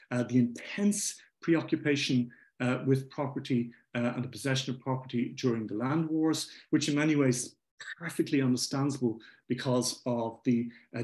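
A man speaking at an academic symposium. He pauses often with fillers and lets his voice sink at the close of each point. The pitch sits at an ordinary male level. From Ireland. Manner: halting, many fillers, trailing off at phrase ends. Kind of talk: academic talk.

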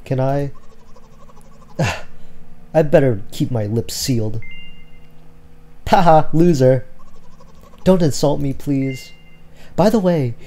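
A man's voice: medium pitch, mellow. A man playing through a story game and reading its dialogue aloud in an awkward, self-deprecating way, over faint game music. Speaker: let's player.

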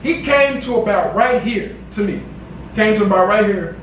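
A man telling a story to camera in a casual, slangy, animated way, repeating himself. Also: high-pitched, moderate pace, reverberant, slight background noise. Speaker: vlogger. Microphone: camera mic.

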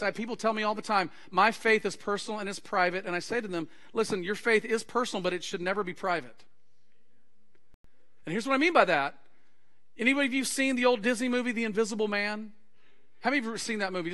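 A male pastor preaching a sermon to his congregation, acting out anecdotes and quoted conversations with lively energy. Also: sits high. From Texas. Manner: animated preaching with acted-out anecdotes. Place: church sanctuary.

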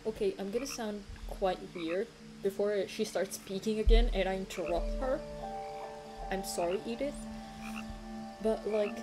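A woman's voice: mid-range voice, measured pace. A young woman streaming a game, chatting effusively, apologizing often and swearing casually, sometimes while eating. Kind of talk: casual let's-play commentary. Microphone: desk mic. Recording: game music behind the voice. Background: game music.

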